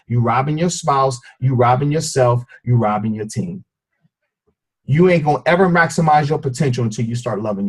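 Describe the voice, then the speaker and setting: A man's voice: mid-range voice, a little mellow, breathy edge, low-quality recording. A man, a fitness coach and father, telling a team call an emotional story of forgiveness, talking to listeners as y'all in a preacher-like way. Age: adult with a child. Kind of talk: motivational team call talk.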